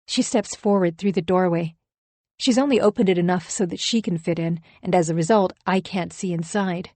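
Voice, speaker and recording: Woman reading a thriller audiobook, tense and emphatic, lowish voice, dry close mic. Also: normal speed, darkish tone, dry recording. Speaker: audiobook narrator. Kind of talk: first-person thriller narration.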